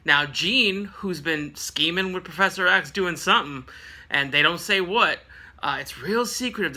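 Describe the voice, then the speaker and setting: A man's voice: high voice, normal speed, pushed and bright. A young man hosting his own show, casually recapping a comic book issue in a slangy, laid-back way and briefly acting out the characters' lines.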